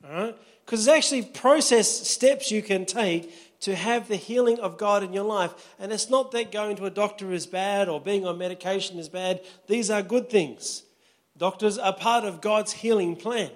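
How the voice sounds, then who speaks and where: A man's voice: sits high, normal speed. A pastor preaching a sermon in a conversational way, often checking in with his listeners.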